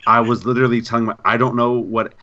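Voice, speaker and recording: A man co-hosting a gaming podcast in casual chat, an animated storyteller who repeats himself. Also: medium pitch, quick pace, highs cut off. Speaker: podcast co-host.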